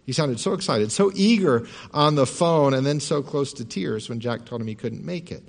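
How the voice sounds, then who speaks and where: A male pastor telling parables in a sermon with calm, measured narration. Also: medium pitch, vocal fry. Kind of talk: sermon storytelling.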